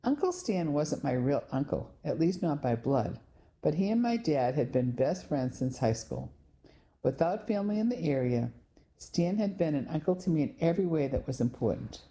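A woman narrating a novel in the first person, telling the story in a clear, measured way. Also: sits low, expressive, dark tone. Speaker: audiobook narrator.

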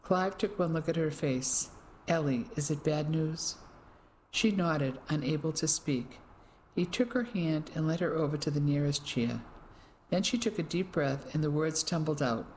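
A woman narrating a story in a steady, measured way. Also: low voice, slight background noise, rough recording. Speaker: audiobook narrator. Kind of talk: scripted narration.

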